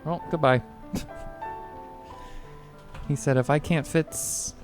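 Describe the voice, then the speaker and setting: A man's voice: a little high, fairly even intonation, slow pace, long pauses, faint music behind. A man streaming a game in casual chat, playful and rambling, swearing casually and talking to his cat. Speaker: gaming streamer. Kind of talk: casual let's-play chat.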